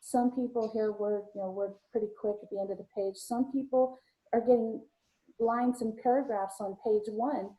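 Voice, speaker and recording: A psychic medium co-hosting a live video-call show tells anecdotes in a casual, chatty way, quick to laugh. She has a warm voice on the high side with fairly even intonation, captured in a rough recording.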